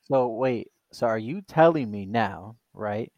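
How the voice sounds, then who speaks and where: A man's voice: on the low side, animated, takes it slowly, darkish tone, no room sound, muffled recording. A man co-hosting a casual podcast, asking teasing, joking questions. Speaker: podcast co-host.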